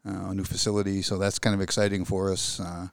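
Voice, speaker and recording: A middle-aged man talks with an easy, plain-spoken calm and a dry sense of humor. His voice sits very low. The sound is close and dry, with no room around it. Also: fast talker, creaky, no room sound. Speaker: industry guest, engine company manager. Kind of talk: casual interview chat.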